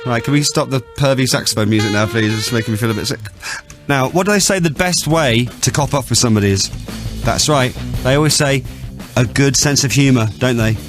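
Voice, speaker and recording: A man's voice: mid-range voice, brisk. A man hosting a radio show, teasing and wry as he comments between clips. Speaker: radio host. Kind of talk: jokey radio presenting. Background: music bed.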